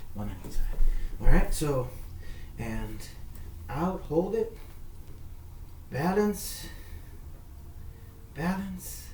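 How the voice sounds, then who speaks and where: Man as a kids' yoga teacher, unhurried, slightly high voice, encouraging repeated cues, echoey room with a distant mic. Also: warm tone, slight background noise. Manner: encouraging, repetitive coaching cues. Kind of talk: guided workout instruction.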